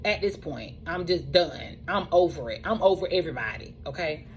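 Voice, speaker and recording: A woman with a fairly low voice tells her personal story in a loose, chatty way. She runs a truck driving school and comes back to the same phrases again and again to hammer a point home. Soft background noise sits faintly under her voice. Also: moderate pace, rough recording. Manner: animated, repeats phrases for emphasis.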